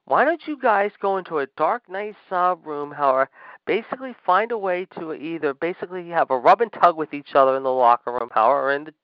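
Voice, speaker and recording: Angry sarcastic high-voiced man ranting. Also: expressive, fairly quick, clear, resonant tone, no room sound, highs cut off. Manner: angry, sarcastic, repeats "however" constantly. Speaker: wrestling podcast host. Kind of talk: ranting commentary.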